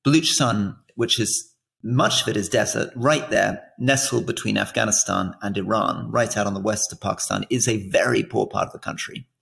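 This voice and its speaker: A man's voice: fairly low pitch, normal speed, gravelly, fairly bright tone. A British man co-hosting a political podcast, explaining world affairs in an earnest, conversational way. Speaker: podcast co-host. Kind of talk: casual political chat.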